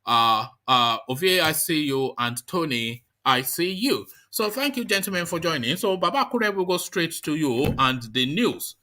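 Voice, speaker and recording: A man hosts a live online talk show. His voice is bright and on the high side for a man. He reads news items, then chats with his guests in an animated way, often restarting his sentences. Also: moderate pace, few pauses. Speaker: host.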